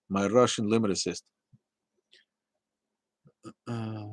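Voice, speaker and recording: A man hosting a casual live talk show, rambling and swearing, with many halting restarts as he answers viewer chat. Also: on the low side, no room sound, low-quality recording.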